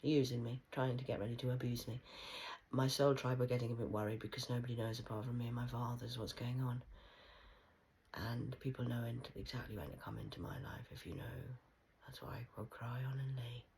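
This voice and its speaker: A woman rambling through a stream-of-consciousness monologue, punning and swearing, swinging between hushed whispers and loud outbursts. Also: a bass voice, flat delivery, brisk, slight background noise, rough recording. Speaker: vlogger.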